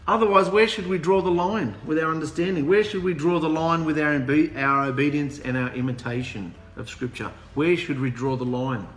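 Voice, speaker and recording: A man preaching an animated, humorous sermon, sarcastic and worked up. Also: fairly high pitch, normal speed, hardly any pauses. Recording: echoey room with music behind.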